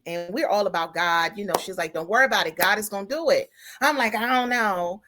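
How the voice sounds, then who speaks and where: Lively, bright-voiced woman telling a story. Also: mid-range voice, normal speed. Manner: animated storytelling, talks back to the audience with "y'all" and "girl". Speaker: podcast host. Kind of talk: casual chat.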